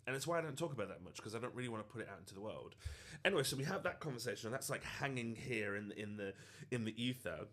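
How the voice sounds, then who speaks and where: A man's voice: medium pitch, animated, fast talker, fairly bright tone. A man, a social media creator, telling a personal story in an earnest, reflective way. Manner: earnest and reflective, with frequent fillers. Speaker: TikTok creator.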